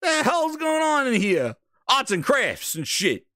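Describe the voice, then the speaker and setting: A man hosting a casual commentary show, reacting to videos with profane, laughing, animated rants. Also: extremely high pitch, unhurried, background noise. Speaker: host.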